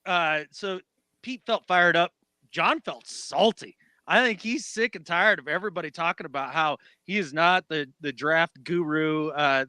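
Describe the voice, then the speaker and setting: A man co-hosting a casual sports podcast, animated and acting out quotes in mock voices. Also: fairly high pitch, clean tone, no echo. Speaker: podcast co-host.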